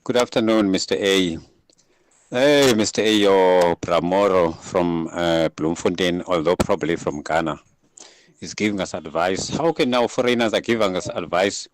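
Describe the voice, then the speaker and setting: A man's voice: low voice, normal speed. A man calling a radio show, complaining indignantly. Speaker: caller. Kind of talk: call-in comment.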